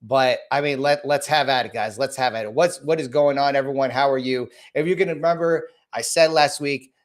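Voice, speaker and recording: Hoarse man rambling through market talk. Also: mid-range voice, fairly quick. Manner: rambling, repeats himself, frequent restarts; blunt and casual, greets viewers by name. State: hoarse from a cold. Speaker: host of a market livestream. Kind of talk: casual livestream market commentary.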